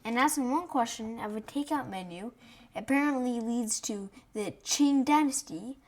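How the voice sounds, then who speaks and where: A woman's voice: fairly high pitch, moderate pace, a little mellow. A woman co-hosting a podcast with curious, light reactions and quiz questions. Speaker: podcast co-host. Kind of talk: podcast banter.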